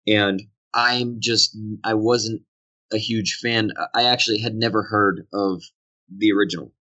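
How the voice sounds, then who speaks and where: A man with a Boston accent speaks in a slightly low voice, candid and quick to laugh at himself as an interview guest. The sound is dull and lo-fi, as if coming through a remote call from a hotel room. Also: fairly even intonation, sharp tone. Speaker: voice actor guest.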